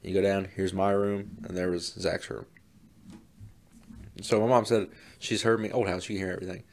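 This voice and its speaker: A man's voice: sits low, flat delivery, normal speed. A man co-hosting a podcast, laid-back and laughing often in casual chat. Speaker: podcast co-host.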